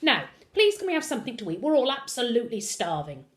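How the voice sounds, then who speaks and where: A woman reading aloud, voicing a cheeky, excitable schoolboy who talks loud and exuberant. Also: on the high side, fast. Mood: pleading.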